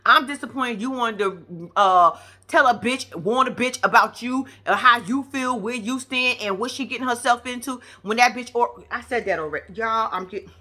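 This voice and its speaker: A woman with a fairly high, bright, sharp-edged voice gives casual reaction commentary. She is blunt and profane, and she scolds the people on screen directly as if they could hear her. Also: normal speed. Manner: blunt, profane, talks straight at the characters. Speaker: reality TV reaction vlogger.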